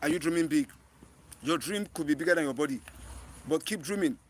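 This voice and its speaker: A man's voice: on the high side, a little fast. Earnest Nigerian man hosting a livestream. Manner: earnest, repetitive, often restarts phrases. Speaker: livestream host. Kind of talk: live-streamed talk to viewers. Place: outdoors in bright sun.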